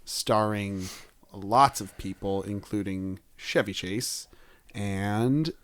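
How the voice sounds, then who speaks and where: A man's voice: lowish voice, slow, a bit bright, clean tone, no room sound. A man hosting a casual podcast, reading out listener questions in a playful way. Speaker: podcast host. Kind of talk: casual chat.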